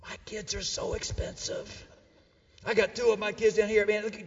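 A middle-aged male pastor preaching a sermon to a live church crowd, joking with them and swinging between loud bursts and hushed, earnest stretches. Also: high voice, monotone, moderate pace, in a large hall, muffled recording, a little hiss or hum. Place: church auditorium with a live audience.

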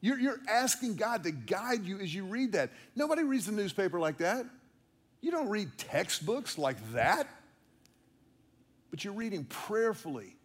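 A man's voice: high voice, very animated, a little slow, breathy edge. A man preaching a conversational sermon, with playful asides and repeated words for emphasis. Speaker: pastor.

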